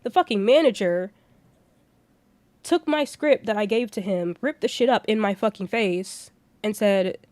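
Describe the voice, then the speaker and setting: A woman's voice: medium pitch, measured pace, darkish tone, dry recording. A woman in her twenties chatting casually on a livestream, telling rambling stories with heavy profanity and blunt rants. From Florida. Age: 20s. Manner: profane, ranting storyteller. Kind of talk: casual stream chat.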